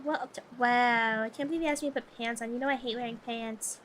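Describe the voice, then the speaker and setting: Young woman streaming, high bright voice, playful and flustered, laughs a lot. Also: fairly even intonation, fairly quick, a little hiss or hum. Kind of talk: casual chat with viewers.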